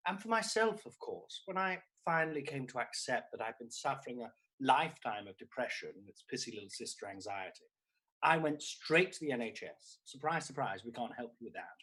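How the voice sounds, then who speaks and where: A man's voice: medium pitch, expressive, brisk, pushed and bright, breathy edge. A man doing a comedy character act as a grandiose, needy aging theatrical diva who talks in a camp, theatrical way and calls everyone darling. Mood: melodramatic.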